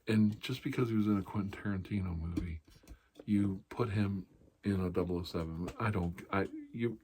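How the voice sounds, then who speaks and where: A man's voice: low voice, moderate pace, dark tone, a little hiss or hum. A middle-aged man hosting an ASMR channel, rambling casually in a blunt, profane, sarcastic way.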